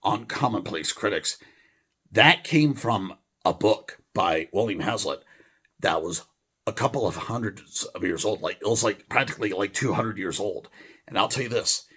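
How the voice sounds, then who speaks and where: A man rambling in a deadpan monologue, full of fillers and restarts. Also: on the low side, moderate pace, breathy edge. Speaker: video host reading a poem.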